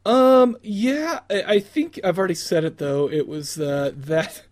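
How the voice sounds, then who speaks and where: A man's voice: high-pitched, a little slow, a little mellow, dry recording. A man co-hosting a casual movie review podcast, rambling with restarts, crude jokes and frequent laughter. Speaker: podcast co-host.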